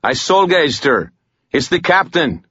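Man voicing blunt young warden, urgent, raised pitch, husky, dry. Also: big pitch swings, measured pace, a bit bright, dry recording, muffled recording, full character voice. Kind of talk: audiobook character voice.

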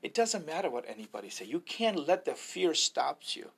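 A man's voice: fairly high pitch, sing-song, normal speed, creaky, fairly bright tone, husky. A man, an evangelist, sharing a personal faith testimony in an earnest, preacherly way, often quoting scripture.

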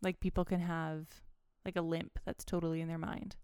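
A woman with a lower-pitched, very clear and smooth voice chats and tells stories as a co-host. Her talk is loose and chatty, full of filler likes. The recording is close and dry. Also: level tone, normal speed, dark tone, dry recording. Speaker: podcast co-host telling stories. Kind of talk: casual chat and storytelling.

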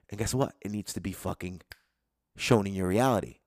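A man's voice: on the low side, fast talker, no room sound, studio quality. A man hosting a solo podcast, ranting casually with lots of swearing and acting out people's inner voices. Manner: casual, profane, animated, acts out quoted inner voices. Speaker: podcast host.

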